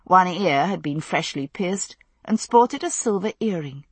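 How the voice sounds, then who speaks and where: A woman reading a novel aloud as narrator, in a steady, measured storytelling manner. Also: lowish voice, slightly rough, no room sound. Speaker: audiobook narrator. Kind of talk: scripted narration.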